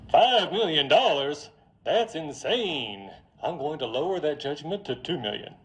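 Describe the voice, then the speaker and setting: A man's voice: a little high, animated, a little slow, fairly bright tone, pitched above the performer's own voice. Man doing a blunt Mississippi judge. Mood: exasperated. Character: incredulous small-town judge.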